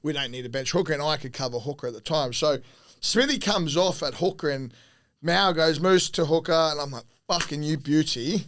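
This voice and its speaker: A man with a slightly higher-than-usual voice rambles through sporting yarns on a podcast. He swears freely, stumbles and restarts, and breaks into laughter partway through his sentences. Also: fairly quick, fairly bright tone. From Australia. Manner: profane, rambling, often laughing mid-sentence. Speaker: former rugby league player, podcast guest. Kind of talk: casual podcast chat, telling stories.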